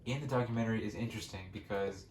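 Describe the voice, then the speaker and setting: A young man rambles through casual gameplay commentary, swearing often and restarting his thoughts. His voice sits a little low. It is recorded in an echoey room with a faint hiss behind it. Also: racing, a little mellow. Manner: rambling, swears freely, frequent restarts and fillers. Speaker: gaming channel host.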